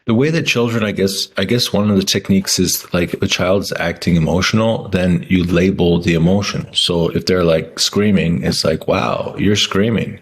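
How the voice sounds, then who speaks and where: A man's voice: sits low, fairly even intonation, normal speed, few pauses, a little hiss or hum. A man talking casually to camera in a rambling way, with many restarts and fillers. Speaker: vlogger.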